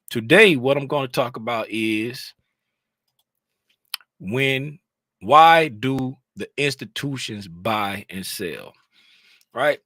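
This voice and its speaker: A man's voice: medium pitch, a bit bright, dry recording. A man hosting a trading livestream, joking loosely with viewers and greeting them by name before teaching. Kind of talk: casual livestream chat and teaching. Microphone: talks close to a microphone.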